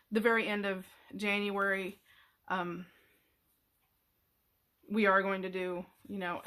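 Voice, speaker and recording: A middle-aged woman hosting a craft tutorial, talking casually in a rambling, halting way with many fillers and restarts. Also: mid-range voice, a bit bright. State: emotional, near tears.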